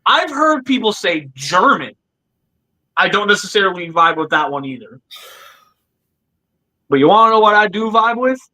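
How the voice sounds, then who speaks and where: Bright, high-voiced male podcast host. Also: moderate pace, long pauses, low-quality recording. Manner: animated, joking, addresses guests by nickname. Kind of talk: casual livestream chat.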